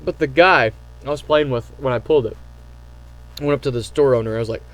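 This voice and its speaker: A man casually telling stories to camera, excitable and rambling, with lots of fillers and restarts. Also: medium pitch, fast, dry recording, poor audio. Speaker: channel host.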